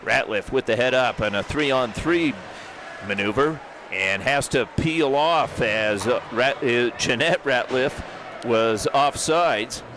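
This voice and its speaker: A man doing live play-by-play of an amateur hockey game, brisk and jokey, rising to shouts on big plays. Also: mid-range voice. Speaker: play-by-play commentator. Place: hockey arena broadcast booth. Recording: rink commentary with loud crowd and arena noise.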